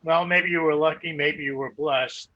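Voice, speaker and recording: A man's voice: a little high, steady tone, moderate pace, no echo, dull audio. A man hosting a live interview, passing along viewer questions with many hesitant fillers. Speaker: host reading viewer questions.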